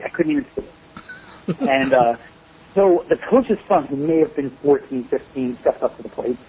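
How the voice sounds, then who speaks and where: A man's voice: a little high, muffled recording, slight background noise. A man being interviewed as a wrestling guest, telling rambling stories and laughing often. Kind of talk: shoot interview storytelling.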